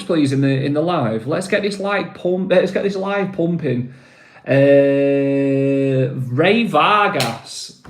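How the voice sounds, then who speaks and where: A man's voice: on the high side, echoey room. A man with a northern English accent hosting a casual phone livestream, chatting loosely and reading viewers' comments aloud. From northern England. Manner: chatty, rambling, reads viewer names aloud. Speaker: livestream host. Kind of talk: casual live-stream chat reading comments.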